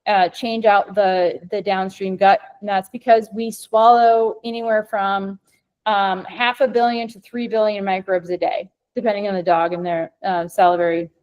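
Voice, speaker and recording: A woman's voice: mid-range voice, little pitch movement, normal speed, clean tone, muffled recording. A woman with a Midwestern American accent giving an informal webinar presentation over a video call, rambling upbeat with frequent ums and restarts. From Minnesota, US. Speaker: company co-founder presenting to vets.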